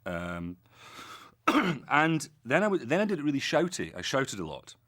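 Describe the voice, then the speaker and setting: A man's voice: mid-range voice, wildly swooping pitch, a little slow, fairly bright tone. A man, an actor, telling self-mocking, joking anecdotes in an interview.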